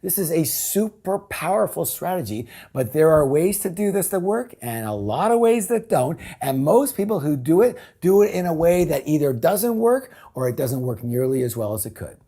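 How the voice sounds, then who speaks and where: Male seminar trainer, mellow husky voice, punchy and emphatic, drills key words with the crowd. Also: fairly high pitch, big pitch swings, moderate pace, few pauses. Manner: emphatic, repeats words for effect, call-and-response with audience. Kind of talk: high-energy sales pitch to a live audience.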